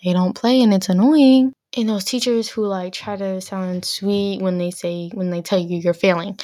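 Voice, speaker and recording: A woman's voice: medium pitch, steady tone, normal speed, darkish tone, no room sound, clean studio sound. A teenage girl hosting her own podcast, ranting bluntly and exasperatedly with lots of filler words. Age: teens. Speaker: podcast host. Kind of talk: casual solo rant.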